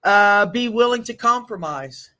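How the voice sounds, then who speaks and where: A woman leads a group session on stress at an unhurried pace. She is frank and lively and drops blunt asides. Her pitch sits in the middle of the range. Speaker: group facilitator.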